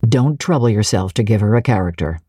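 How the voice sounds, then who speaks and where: A woman voicing a brusque, commanding middle-aged gentleman who questions curtly and gives orders. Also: very deep voice, animated, a little fast, slightly rough, dry recording, studio quality, exaggerated voice. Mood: imperious. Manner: curt, imperious questioning.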